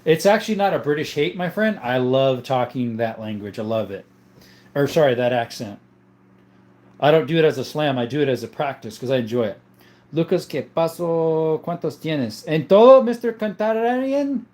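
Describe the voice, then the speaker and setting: A man's voice: mid-range voice, a little fast, darkish tone. A man hosting a casual gun livestream, reading viewer comments aloud and answering them loosely with frequent fillers. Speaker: livestream host of a gun channel.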